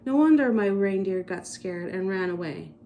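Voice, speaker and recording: A woman's voice: medium pitch, expressive, normal speed, warm tone, a little hiss or hum, natural voice. A woman voicing a stout, kindly old Santa figure, hearty and jovial, in a read-aloud storybook.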